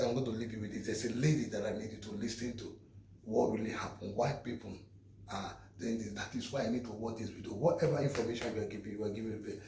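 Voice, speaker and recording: A man's voice: mid-range voice, creaky, a little mellow. An earnest man lecturing his viewers with casual advice, circling back to repeat his points. He sounds a little distant from the mic, in a roomy space with faint background noise. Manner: earnest, preachy, repeats himself. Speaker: vlogger.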